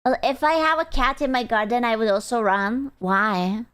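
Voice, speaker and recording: A woman's voice: fairly high pitch, moderate pace, a bit bright, clear, resonant tone. A woman streamer chatting casually with her viewers, blunt and playfully teasing. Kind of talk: casual live-stream chat.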